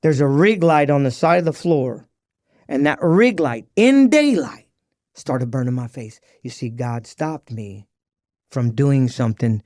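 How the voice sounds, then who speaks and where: A man, a podcast guest, telling his recovery story in an animated, slangy way and acting out the dialogue. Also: medium pitch, unhurried, no room sound, studio quality.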